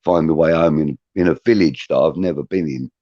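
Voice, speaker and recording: A middle-aged man with a low voice tells a long, rambling story in a casual way. The recording is dull and dry. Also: brisk, mellow, no room sound. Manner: rambling, anecdotal. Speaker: podcast co-host.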